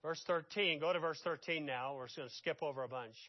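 A man preaching a sermon, telling the story dramatically and swinging from loud outbursts to hushed asides. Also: fairly high pitch, quick pace, no room sound, dull audio.

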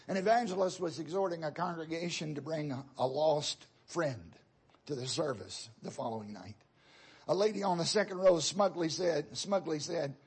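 A man's voice: on the high side, darkish tone, slightly rough. A man preaching a sermon, talking straight to his congregation in a loose, conversational way that circles back and repeats itself.

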